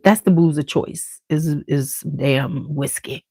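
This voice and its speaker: A woman's voice: sits low, slow pace, dark tone, husky, no room sound. A woman hosting a beauty channel in a casual livestream chat at home. She talks straight to viewers, swears freely, and wears a clip-on mic.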